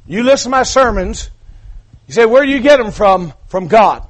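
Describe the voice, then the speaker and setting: A man preaching an impassioned sermon, dropping to hushed asides and then building to shouted climaxes. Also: very high-pitched, lively intonation, a little fast. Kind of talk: revival sermon.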